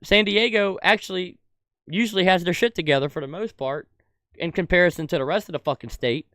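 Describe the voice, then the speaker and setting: A young man rants about politics in a fired-up, cursing voice that rises into shouted outbursts, then drops to muttering under his breath. His voice sits a little high for a man. The sound is close and dry, with no room around it. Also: fairly quick, no room sound. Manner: heated, profane, swings from shouting to muttering. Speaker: political commentator. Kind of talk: angry political rant.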